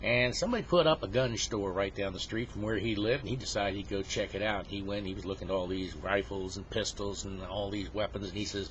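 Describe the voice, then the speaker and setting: A man telling a long joke in a folksy, casual way, with drawn-out pauses. The recording is dull and lo-fi. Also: lowish voice, slight background noise. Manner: folksy drawn-out storytelling with dramatic sound effects. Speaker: joke teller. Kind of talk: casual storytelling.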